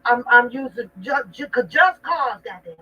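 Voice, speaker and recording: A woman talks high and bright as she hosts a stream. She rambles and mocks in a profane way. The sound is dull and comes from off the mic. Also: animated, normal speed, slightly rough, distant mic, faint music behind. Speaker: livestream host. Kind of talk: casual profane rant.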